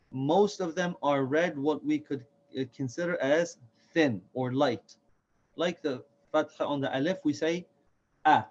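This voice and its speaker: Male instructor, slightly high pitch, patient and methodical, muffled lo-fi sound. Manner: patient, repeats each sound slowly for learners. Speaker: Quran reading teacher. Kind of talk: step-by-step recorded lesson. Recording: dull lo-fi recording.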